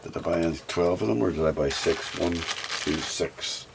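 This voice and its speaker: Low-voiced chatty man tinkering on a guitar. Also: measured pace, gravelly. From Scotland. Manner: chatty, talks to himself while working, sing-song bursts. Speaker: hobby guitar builder. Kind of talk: casual workshop vlog talk. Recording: faint background noise and clicks.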